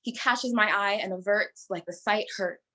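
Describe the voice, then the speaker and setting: A teenage girl performing spoken-word poetry in a youth slam, with a slow, deliberate delivery. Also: medium pitch, bright, forceful tone, low-quality recording. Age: teens.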